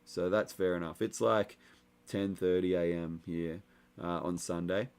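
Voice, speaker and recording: A man's voice: sits low, a little slow, clear, resonant tone. A young man, hosting a casual livestream and chatting loosely with lots of fillers. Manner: relaxed, rambling, many fillers. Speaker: livestream host reading chat. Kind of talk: casual live chat.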